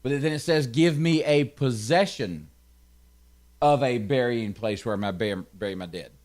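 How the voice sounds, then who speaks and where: A man with a Southern, Tennessee accent teaches from scripture in a loose, chatty way. His voice sits at an ordinary middle pitch, and he keeps asking his listeners whether they follow him. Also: darkish tone. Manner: chatty, checks in with listeners, quick asides. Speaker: pastor. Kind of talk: conversational Bible teaching.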